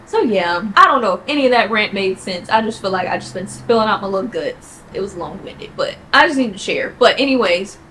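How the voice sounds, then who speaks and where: A young woman talking casually to her viewers, chatty and animated, laughing often and jumping high in pitch when she quotes people. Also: brisk, hardly any pauses, slight background noise, rough recording. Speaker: vlogger. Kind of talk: casual chat to camera.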